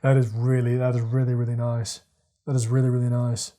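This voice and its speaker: A man hosting a podcast, thinking out loud in a rambling casual monologue, repeating words and using lots of fillers. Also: medium pitch, monotone, a little fast. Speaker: podcast host. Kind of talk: casual monologue, reading quotes aloud.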